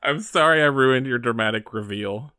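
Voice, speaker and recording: A man's voice: medium pitch, moderate pace, pushed and bright, no room sound, clean studio sound. A man co-hosting a podcast in a joking, playful way. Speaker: podcast co-host. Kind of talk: casual podcast chat.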